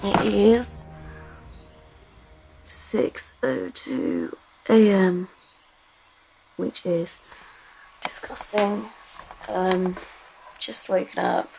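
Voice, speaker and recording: A woman's voice: mid-range voice, very slow, creaky, long pauses, darkish tone, soft background music. A young British woman chatting candidly into her own camera in a self-filmed video diary, with frequent fillers. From Britain. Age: young adult. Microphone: handheld camera.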